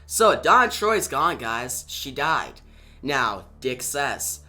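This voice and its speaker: A man recapping a comic book story, energetic and emphatic in his narration. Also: medium pitch, slow pace, faint music behind.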